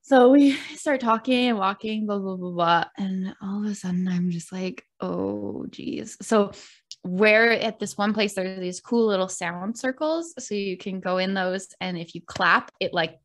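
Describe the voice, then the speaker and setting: A young woman with a Canadian accent tells a dating story on a podcast, lively and quick to laugh. Her voice sits at an ordinary middle pitch for a woman, and she keeps slipping into little quoted voices as she talks. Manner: animated, laughs often, acts out quoted voices. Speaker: podcast co-host. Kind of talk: casual storytelling chat.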